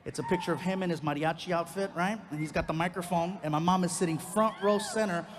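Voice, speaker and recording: Brief: a lively male comic telling a family story, high-pitched and expressive. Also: quick pace, big-room sound, noisy background. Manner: animated, swings into loud outbursts, lots of character voices. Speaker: stand-up comedian. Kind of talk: stand-up storytelling.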